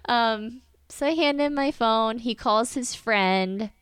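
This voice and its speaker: An animated woman tells a story in casual conversation, slipping into the voices of the people she quotes. Her voice sits a little high and sounds smooth and clean. The recording is dry and close. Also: slow, no echo.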